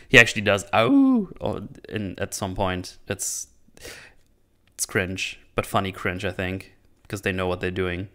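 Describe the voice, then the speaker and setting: A man's voice: low voice, level tone, moderate pace, sharp tone. A man hosting his own channel, recapping a movie in a casual, rambling way, often laughing and acting out characters' lines. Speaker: channel host reviewing a movie.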